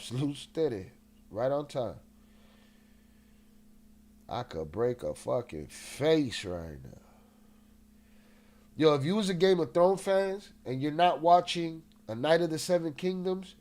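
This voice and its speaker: A man's voice: a little high, lively intonation, moderate pace, a little mellow. A man hosting a casual livestream, restless and agitated, swearing often and greeting chat members, with a slightly nasal voice. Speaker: livestream host.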